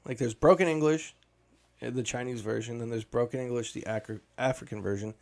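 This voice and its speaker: A man co-hosting a casual chat about a movie, riffing and mocking it in fast bursts. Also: mid-range voice, gravelly, darkish tone.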